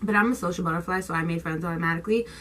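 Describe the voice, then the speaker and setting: A woman's voice: on the low side, racing, a little hiss or hum, low-quality recording. A young woman vlogger telling a storytime tale in slangy, casual talk, swearing freely and acting out what people said. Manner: animated, slangy, swears freely, acts out quotes.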